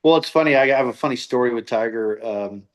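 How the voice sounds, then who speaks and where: A man's voice: mid-range voice, a little fast. A middle-aged man, a golf coach, telling stories as a podcast guest and acting out the voices of the people he quotes. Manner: animated storyteller who acts out quoted voices. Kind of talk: casual storytelling interview.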